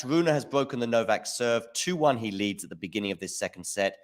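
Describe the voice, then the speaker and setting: A man giving casual live commentary on a tennis match, chatty and getting excited on big points. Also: on the low side, fairly quick, hardly any pauses. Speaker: watchalong commentator.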